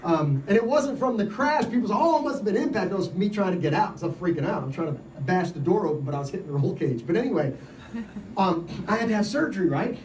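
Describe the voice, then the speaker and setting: A man giving an informal sermon, telling stories in an animated way and laughing often. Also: high-pitched, fast, echoey room, far from the mic, a little hiss or hum, low-quality recording. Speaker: lay preacher. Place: event gathering.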